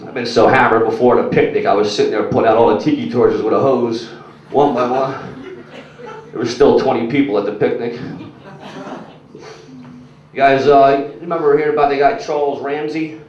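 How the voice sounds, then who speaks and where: A man's voice: mid-range voice, fairly even intonation, normal speed, long pauses, a little mellow. A young man doing crude, rambling stand-up, packed with "like" and "you know". He is heard from far back in an echoey club, and the recording is muffled, with faint noise under it. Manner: crude, rambling, filler-heavy delivery. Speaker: stand-up comedian. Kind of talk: stand-up set with crowd work. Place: comedy club stage.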